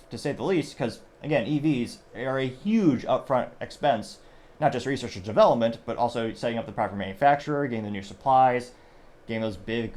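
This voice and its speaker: A man's voice: medium pitch, a little mellow. A young adult man hosting a show, giving rambling, conversational news commentary and often correcting himself. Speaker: show host.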